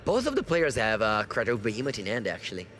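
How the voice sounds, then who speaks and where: A man giving lively, analytical live commentary on a card game match, correcting himself as he goes. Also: fairly low pitch, fast talker. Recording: faint background noise.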